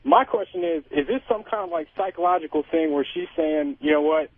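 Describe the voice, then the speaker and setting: Male caller from Cincinnati, halting and repetitive, dry phone-line audio. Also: a little high, lively intonation, dry recording. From Cincinnati, USA. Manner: halting, full of "like" and restarts. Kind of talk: call-in question.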